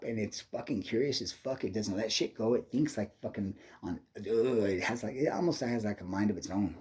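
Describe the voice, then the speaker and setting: A man's voice: on the low side, noisy background. Rambling, profane man in his fifties. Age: 50s. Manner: profane, meandering, restless storytelling. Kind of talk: rambling personal monologue.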